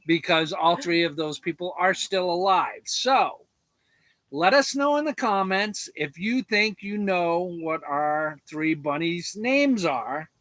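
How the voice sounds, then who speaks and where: A man's voice: high-pitched, animated, slow pace, a bit bright. A man from Arkansas co-hosting a homestead livestream, chatting easygoingly and joking with fillers and restarts. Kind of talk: casual livestream chat.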